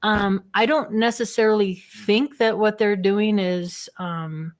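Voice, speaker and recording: A woman talks as a guest on an interview show, her pitch sitting in the middle of the range. She tells her stories in a lively way and laughs between sentences. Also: slow pace. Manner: animated storyteller, laughs often. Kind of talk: casual interview talk.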